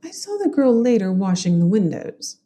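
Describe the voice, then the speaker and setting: A woman with a Southern US accent reading an older woman neighbor's testimony at an 1890s inquest in a plain, steady way. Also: mid-range voice, normal speed, lightly acted. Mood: matter-of-fact.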